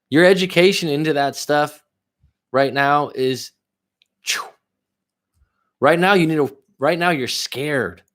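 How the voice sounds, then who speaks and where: A man coaching viewers on a livestream, reading their comments aloud and answering them bluntly, with frequent swearing. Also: medium pitch. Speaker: relationship coach.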